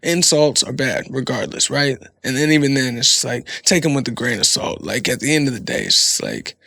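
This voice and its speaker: A man's voice: mid-range voice, big pitch swings, brisk, vocal fry, pushed and bright, dry recording. A man hosting a podcast, talking in a casual, rambling monologue full of profanity. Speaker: podcast host.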